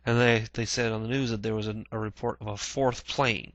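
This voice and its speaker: A man vlogging a casual personal recollection, halting with many restarts, clearing his throat often and swearing casually. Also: lowish voice, flat delivery, a bit bright, no echo. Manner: plain-spoken, swears casually.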